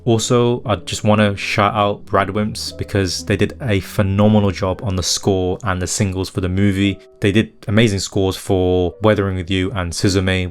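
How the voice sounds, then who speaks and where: A man narrating a scripted video essay, giving his analysis with critical opinions. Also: lowish voice. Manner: analytical, critiquing translation choices. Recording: faint guitar music behind.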